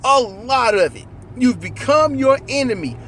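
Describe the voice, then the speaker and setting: Animated, swearing man chatting in a car. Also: very high-pitched, a little slow, slight background noise. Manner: animated, profane, acts out lines. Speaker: co-host. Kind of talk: casual movie chat. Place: in a car while driving.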